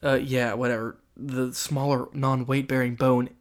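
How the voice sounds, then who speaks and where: A young man telling a story in casual chat, rambling and halting with many fillers and restarts. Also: mid-range voice, level tone.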